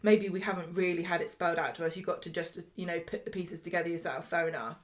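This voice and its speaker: A woman's voice: fairly low pitch, fairly even intonation, fast. Sarcastic woman chatting. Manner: exasperated, sarcastic, laughs often. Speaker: podcast co-host. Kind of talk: casual chat reviewing a soap.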